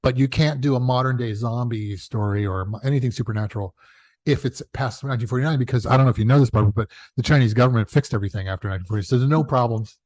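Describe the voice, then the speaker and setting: A man talks in an easygoing interview, spinning stories with lively energy. He slips into quoted voices, corrects himself as he goes, and laughs at his own asides. His mid-pitched voice is caught dry and close to the mic, with no room sound. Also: rapid-fire, dry recording. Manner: animated, acts out quoted dialogue with big pitch jumps. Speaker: guest, television showrunner. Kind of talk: casual interview storytelling.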